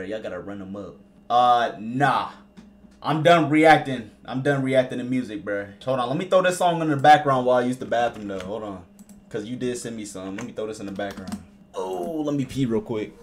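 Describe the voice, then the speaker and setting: A young man streaming live as he reacts to rap songs, excitable and slangy, repeating himself. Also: medium pitch, slight background noise.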